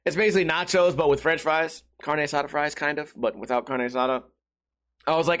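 Male podcast host, a bit high-pitched, loose profane storyteller who mocks himself. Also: fast, fairly bright tone. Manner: rambling, profane, self-mocking. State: sweating in a hot room. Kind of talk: casual storytelling monologue.

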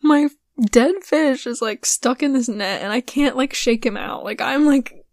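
A young woman with a hoarse, worn voice rambles through a casual podcast story, full of fillers and little giggles. Her voice sits a bit high, and the sound is dry and close, with no room to it. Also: measured pace, a little mellow, no echo. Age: young adult. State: hoarse, voice giving out. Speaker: podcast host.

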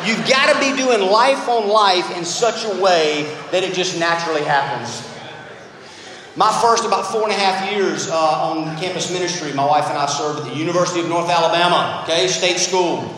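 A man's voice: high voice, brisk. Middle-aged male preacher in an echoey hall. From United States. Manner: storytelling, animated and self-deprecating. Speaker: pastor. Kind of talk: sermon. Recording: very echoey hall, faint room noise.

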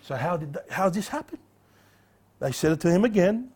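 Emphatic preacher man, higher voice. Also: very animated, a little fast, pauses often, a little mellow, breathy edge. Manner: emphatic, acts out quoted voices. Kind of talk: expository sermon.

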